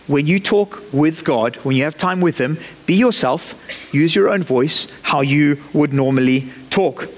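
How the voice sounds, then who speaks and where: A man's voice: a little high, unhurried, big-room sound. A man preaching a sermon in a church, conversational and lightly joking as he talks the congregation through his points.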